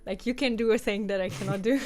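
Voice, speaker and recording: A woman's voice: mid-range voice, fast, darkish tone. A woman co-host chatting casually in English as a second language, with many fillers and frequent laughter. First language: not English. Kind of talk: casual chat.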